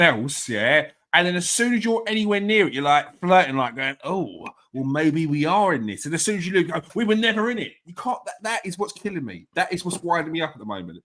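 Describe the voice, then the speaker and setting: A man's voice: high voice, fairly bright tone. A man, heatedly ranting in casual football chat on a podcast. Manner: heated, ranting, mocking fan posts.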